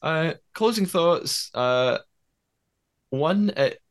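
A man's voice: a little high, lively intonation, very slow, clean tone. A Scottish man co-hosting a podcast in casual chat, laughing easily and restarting his sentences. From Scotland. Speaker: podcast co-host.

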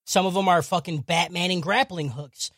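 A man's voice: high voice, moderate pace, vocal fry, fairly bright tone, dry recording, clean studio sound. A man co-hosting a casual podcast, recapping scenes with jokes and swearing. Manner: profane, jokey, narrates scenes with acted quotes. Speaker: podcast co-host recapping an anime. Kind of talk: casual chat.

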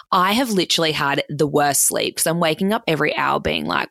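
Young Australian woman, deep and dry-miked, casual story full of fillers and swearing. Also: normal speed, vocal fry, fairly bright tone, dry recording. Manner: chatty, heavy filler "like", swears freely, acts out quotes.

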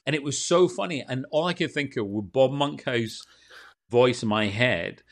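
A Scottish man from Scotland with a Scottish accent, a TV presenter telling animated anecdotes in a casual interview. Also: mid-range voice, normal speed. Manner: animated anecdotes, quotes others. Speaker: TV and radio presenter, guest.

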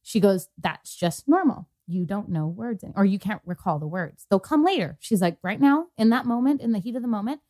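A woman's voice: mid-range voice, lively intonation, brisk, few pauses, warm tone. A young adult woman co-hosting a podcast, telling a personal story in casual chat, quoting others with lots of fillers. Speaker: podcast co-host.

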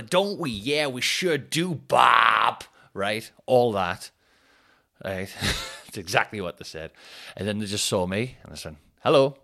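Podcast host, man, slightly low voice, rambling, jokey anecdotes with lots of fillers. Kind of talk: casual storytelling.

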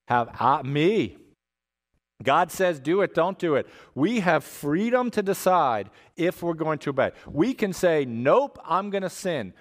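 A man preaching a sermon as a pastor, conversational and animated, often checking in with "right?" and dropping humorous asides. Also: medium pitch. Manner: animated emphasis with asides and jokes.

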